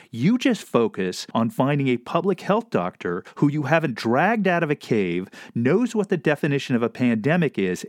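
A male podcast host delivers biting, profane commentary with a sarcastic edge. His pitch jumps around in a lively, animated way. The sound is dry and close, with no room echo.

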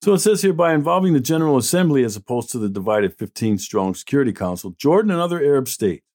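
A man's voice: medium pitch, big pitch swings, fast talker, few pauses, a little mellow. A middle-aged man hosting an opinion show, reading out news and answering it in a blunt, indignant, sarcastic way. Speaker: host. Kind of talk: opinion commentary.

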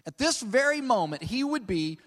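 A man's voice: very high-pitched, big pitch swings, normal speed, a bit bright. A middle-aged man preaching a conversational sermon, often checking in with "okay?" and stretching key words for emphasis. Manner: conversational, peppered with 'okay?'. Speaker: pastor. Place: large church hall. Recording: long hall reverb.

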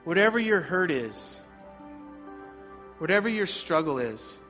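A man preaching a sermon as pastor, energetic and leading the congregation to repeat lines back, in a muffled recording with faint music behind. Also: high-pitched, a little slow.

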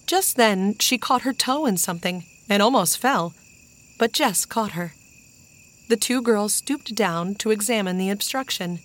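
A woman narrating a children's storybook in an even, measured way. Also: mid-range voice. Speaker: audiobook narrator. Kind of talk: storybook reading.

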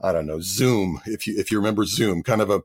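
A man's voice: on the low side, quick pace. A man, a guest actor, telling his career story in a chatty interview with frequent restarts. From Canada.

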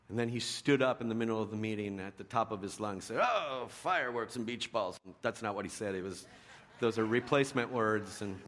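A middle-aged man preaching a sermon in a conversational storytelling way, dropping to a hush and rising to loud emphasis. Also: lowish voice. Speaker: pastor.

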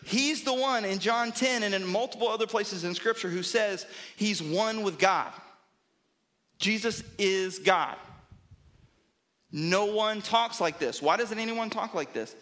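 Bright-voiced, high-pitched male pastor preaching. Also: measured pace. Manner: emphatic, repeats phrases for rhythm, asks "right?". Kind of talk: sermon.

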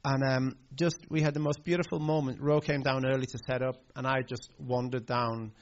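A man's voice: medium pitch, little pitch movement, normal speed, highs cut off. A man preaching a sermon, telling a family story in a heartfelt way with hesitant fillers. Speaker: pastor.

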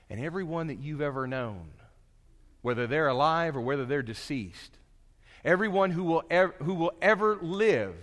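A man delivers a sermon in a fairly high voice that carries a long echo through a large hall. He drops into low, quiet asides, then climbs back up to loud, emphatic points. His delivery stays dynamic and engaged with the congregation. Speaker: preacher. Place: church sanctuary.

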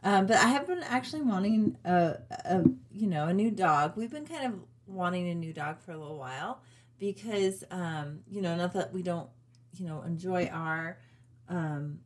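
A woman's voice: on the low side, animated, normal speed, slight background noise. Chatty woman in her forties, full of fillers. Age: 40s. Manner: chatty, many fillers and laughs, addresses viewers. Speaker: vlogger. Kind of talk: casual personal update.

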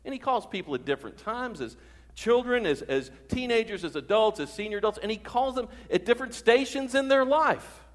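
A man's voice: high voice, expressive, a little fast, big-room sound. A man preaching a sermon as pastor in a church, asking the congregation questions and repeating key words for emphasis. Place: church sanctuary.

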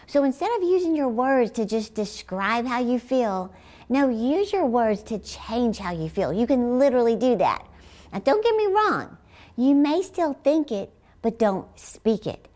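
A middle-aged woman preaching a sermon in an emphatic manner, often rising to high exclamations. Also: sing-song, unhurried, a little mellow.

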